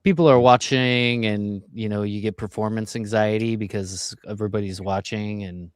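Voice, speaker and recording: A man's voice: fairly low pitch, moderate pace, clear, resonant tone, no room sound. Comedian guy telling a bit on a podcast, swears a lot, dry close sound. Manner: relaxed, profane storytelling. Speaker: stand-up comedian, podcast co-host. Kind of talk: casual chat.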